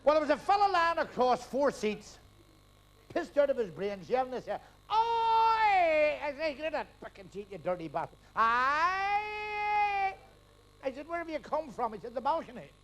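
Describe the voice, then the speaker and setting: A man's voice: very high-pitched, big pitch swings, low-quality recording. A middle-aged man doing a stand-up comedy routine on a live stage, firing off crude jokes one after another and laughing at his own gags. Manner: rapid-fire joke telling with crude punchlines, laughing at his own gags.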